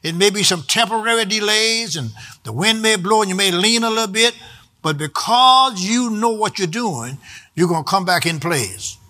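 High, bright-voiced preacher man, sing-song. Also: animated, moderate pace. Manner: rhythmic preaching, sometimes half-sung, stretched words for emphasis. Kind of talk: sermon.

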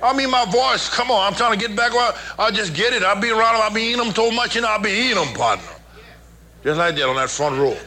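A pastor preaching to his congregation in a high, bright voice. He teases and jokes in a folksy way, then leads the in call-and-response. Each line comes with plenty of swing. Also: animated, quick pace. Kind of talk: sermon.

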